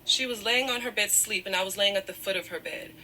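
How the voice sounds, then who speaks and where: A woman with a bright, forceful voice recounts a painful story while close to tears. She keeps apologizing and steering herself back with "however" as she digresses. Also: mid-range voice, fast talker, slight background noise. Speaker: guest telling her side of a breakup. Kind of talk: emotional personal storytelling.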